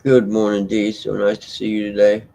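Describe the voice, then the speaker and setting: Man, casual live-stream chat, rambling and easygoing, gravelly voice, lowish pitch. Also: completely flat delivery, moderate pace, warm tone, low-quality recording. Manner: rambling, laid-back, chats to viewers by name. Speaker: livestream host reading chat.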